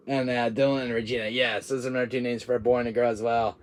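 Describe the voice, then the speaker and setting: A man's voice: medium pitch, flat delivery, fast, few pauses. A man hosting a gaming vlog, chatting in a rambling way and laughing often. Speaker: gaming channel host. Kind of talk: casual vlog monologue.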